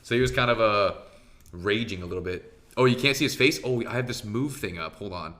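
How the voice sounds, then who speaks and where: A man giving a casual, excitable commentary on his own match, swearing freely and talking straight to his viewers. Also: on the low side, moderate pace. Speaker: professional arena player reviewing his match.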